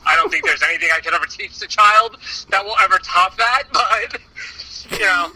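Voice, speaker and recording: High bright-voiced man ranting profanely. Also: moderate pace, poor audio. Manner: profane, ranting, laughs a lot. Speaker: podcast guest. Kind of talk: casual podcast chat.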